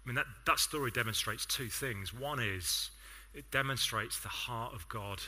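A man's voice: mid-range voice, moderate pace, bright, forceful tone. A man with an English accent preaching a sermon, telling stories in a conversational way with self-deprecating asides.

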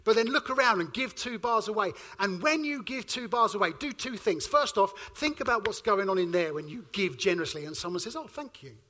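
A man in his forties preaches with a high voice that has a bright, ringing edge. He tells his stories with energy and moves between booming lines and quiet, hushed ones. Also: fairly quick, hardly any pauses. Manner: lively storyteller, shifting between loud and hushed. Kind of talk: sermon.

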